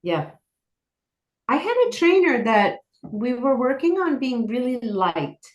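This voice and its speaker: As a guest in an interview, the founder of a horse program shares personal stories in an earnest, wandering way, with frequent use of "like." She speaks slowly in a slightly high, sing-song voice, and the recording carries a roomy echo.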